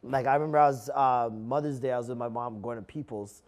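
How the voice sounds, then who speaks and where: A young man guesting on a podcast, telling animated stories in casual chat, swearing freely and calling people "bro.". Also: mid-range voice, quick pace. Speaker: podcast guest and stand-up comedian. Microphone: clear guest mic.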